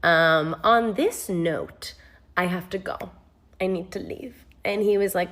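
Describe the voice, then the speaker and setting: A woman telling a casual storytime with wry, deadpan asides and animated quoted replies. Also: on the low side, slow pace.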